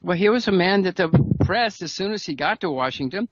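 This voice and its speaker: A fairly high-voiced man talks as an interview guest, emphatic and given to restarting his phrases with a wry laugh. The sound is dull and lo-fi, and the room adds no echo. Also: lively intonation, a little fast. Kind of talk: interview conversation.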